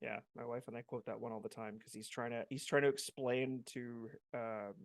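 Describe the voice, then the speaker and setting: A man's voice: medium pitch, little pitch movement, moderate pace, gravelly, no room sound, clean studio sound. A man in his thirties co-hosting a podcast, chatting casually, joking around and swearing offhand. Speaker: podcast co-host. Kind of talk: casual chat.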